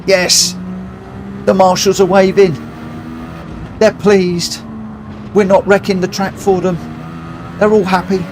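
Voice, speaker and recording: A man races on a live stream while chatting to viewers, joking at his own expense and laughing often, with noisy game audio behind him. His voice is high-pitched with little pitch movement, slow, and broken by long pauses.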